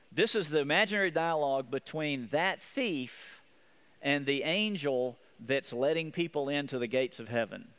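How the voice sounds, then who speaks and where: A man's voice: mid-range voice, fairly bright tone, clear, resonant tone. A man preaching a sermon as pastor, earnest, often repeating and restarting his phrases.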